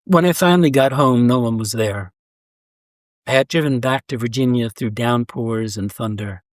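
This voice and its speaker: A man's voice: mid-range voice, normal speed, dry recording. Man reading a story, dry and close. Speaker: story reader. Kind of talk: scripted narration of a short story.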